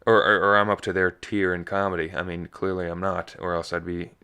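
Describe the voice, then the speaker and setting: A man's voice: deep voice, flat delivery, brisk, bright, forceful tone, smooth. A young man hosting a casual solo podcast, rambling and self-deprecating, his voice slightly scratchy. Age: young adult. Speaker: podcast host.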